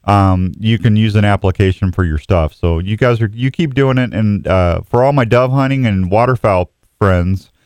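A man's voice: lowish voice, moderate pace, hardly any pauses, a little mellow, smooth, dry recording. A man from Saint Louis hosting a casual morning radio show, chatty and rambling with many restarts. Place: radio studio.

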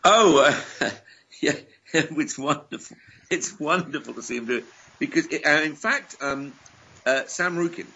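A man from England talking as a guest actor in a casual interview, playful and animated as he tells stories. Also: a little high, measured pace, husky, muffled recording.

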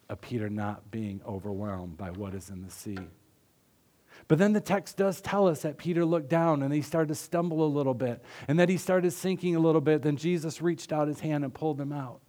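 A man preaching a sermon in an earnest, conversational way, often dropping his voice softly. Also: a little high. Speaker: pastor.

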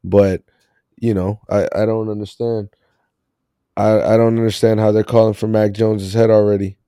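A man hosts a casual sports podcast with a mellow, warm voice. He rambles loosely and laughs often. The sound is dry and close. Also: lowish voice, level tone, moderate pace, smooth, no room sound. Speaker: podcast host.

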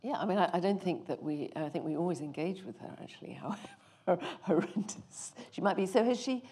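A woman interviewing a guest, asking short, relaxed questions. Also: fairly low pitch, a little fast, slight background noise.

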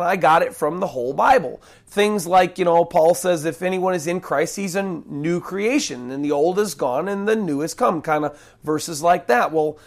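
A male pastor delivers a sermon in a slightly higher-than-average voice roughened by gravelly fry. He prays in an earnest, hushed way, then teaches in a folksy tone. He drags out key phrases for emphasis. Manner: folksy, with small jokes and restarts. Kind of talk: sermon with opening prayer.

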